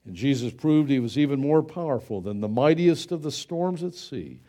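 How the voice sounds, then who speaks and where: A man's voice: mid-range voice, animated, moderate pace, warm tone. A man preaching a sermon, telling a childhood story and asking earnest rhetorical questions. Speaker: pastor.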